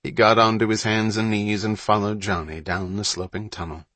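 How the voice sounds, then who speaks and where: A man narrating a story in a measured, suspenseful reading. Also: on the low side, little pitch movement, fairly bright tone, no echo. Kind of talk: audiobook narration.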